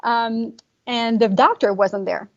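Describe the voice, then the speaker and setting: Woman telling a story fast and emotionally. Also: on the high side, steady tone, highs cut off. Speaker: guest, pre and postnatal fitness coach. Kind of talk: conversational podcast interview.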